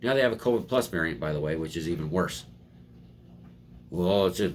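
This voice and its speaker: A man's voice: fairly low pitch, animated, fairly quick, darkish tone, slight background noise. A man hosting a casual political commentary, reading headlines and ranting sarcastically from home, with frequent restarts. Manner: sarcastic, rambling, mocking voices in quotes.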